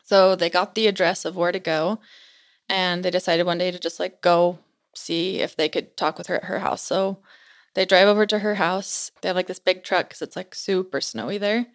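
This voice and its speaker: A woman's voice: on the low side, fairly even intonation, normal speed. Chatty young woman telling a story. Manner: chatty, fills speech with "like". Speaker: podcast guest. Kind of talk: casual storytelling.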